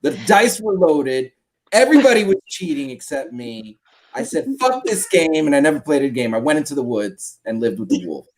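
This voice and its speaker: A man's voice: medium pitch, a little fast, poor audio. A man chatting casually as a stream guest, telling jokey stories and swearing freely. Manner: animated, joking, swears freely. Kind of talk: casual chat, storytelling.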